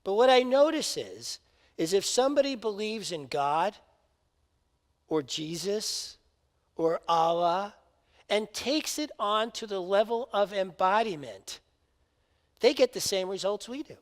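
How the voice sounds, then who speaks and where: A man's voice: high voice, expressive, measured pace, long pauses. A man giving a sermon as a spiritual minister, telling a story and speaking emphatically, in a reverberant hall.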